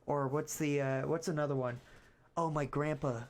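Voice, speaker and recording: A young man streams at a normal speed, his voice on the high side with fairly even intonation. It's casual chat: he rambles through loose stories, full of fillers and restarts, and swears freely.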